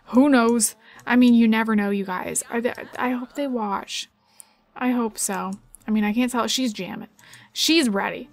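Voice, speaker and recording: A young woman giving bubbly, excitable commentary while playing a life-sim game, giggling often and chatting to her viewers. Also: a little high. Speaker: gaming YouTuber. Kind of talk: Let's Play commentary.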